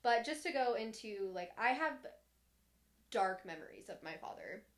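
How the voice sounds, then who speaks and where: A woman's voice: a little high, expressive, moderate pace. Young woman telling a candid personal story. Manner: candid, rambling, frequent "like" and restarts. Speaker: podcast co-host.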